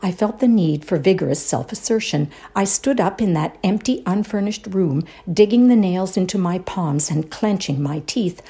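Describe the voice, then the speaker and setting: A woman performing a dramatic reading of a ghost story, hushed and suspenseful, often dropping to a whisper. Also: fairly low pitch, lively intonation, moderate pace, few pauses. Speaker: reader in a readers' theatre show.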